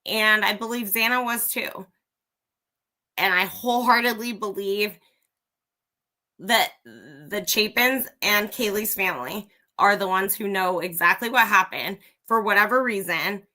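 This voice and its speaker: Slow-talking woman ranting on a livestream. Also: mid-range voice, pushed and bright. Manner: blunt and profane, talking straight to viewers. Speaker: livestream host. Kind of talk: ranting live commentary.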